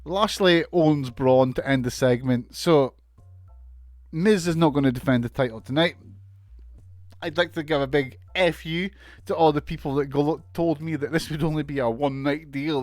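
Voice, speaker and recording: A man's voice: a little high, normal speed, a little mellow, dry recording. A man giving a casual, sweary, sarcastic recap of a wrestling show, laughing often.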